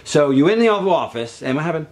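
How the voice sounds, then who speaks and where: A man directing and coaching an actor on how to tell a story, in a rapid, insistent way. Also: fairly high pitch, very animated. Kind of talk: improvised direction.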